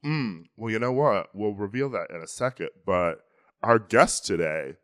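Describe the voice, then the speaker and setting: A podcast co-host chats about pop culture in a casual, playful and enthusiastic way, laughing frequently. His voice is lowish with lively intonation and a fairly bright tone. He speaks at a moderate pace.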